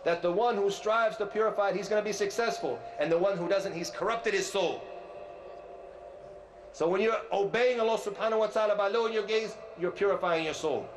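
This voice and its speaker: A man speaks loudly into a close microphone, delivering an animated lecture to a big hall. His voice sits a little higher than most men's, and he keeps throwing questions at the audience and teasing them for staying quiet. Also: a little fast, slight background noise. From USA. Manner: animated, asks the crowd questions and teases them; loud voice, by his own account. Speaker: visiting sheikh giving a lecture. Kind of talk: lively lecture sermon to a youth audience. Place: large multi-floor community centre hall.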